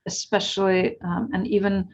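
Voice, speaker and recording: A woman's voice: mid-range voice, level tone, moderate pace, a little mellow, muffled recording. Ukrainian-accented woman explaining on a video call. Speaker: guest speaker, historian. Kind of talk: lecture-style talk on a video call.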